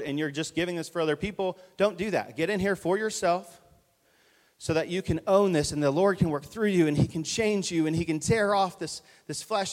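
Man preaching in a reverberant church hall. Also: a little high. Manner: conversational, urgent, directs volunteers on stage. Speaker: pastor. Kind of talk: live sermon with stage illustration.

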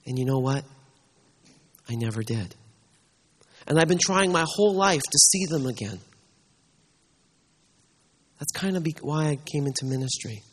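A kindly older pastor with a tender, gentle temper, played by a man telling a story from the pulpit. He speaks softly and slowly, stumbling over his words in halting repeats. The tone is a touch husky. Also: fairly high pitch, pitched below the performer's own voice. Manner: soft, slow and hushed, with halting repeats.

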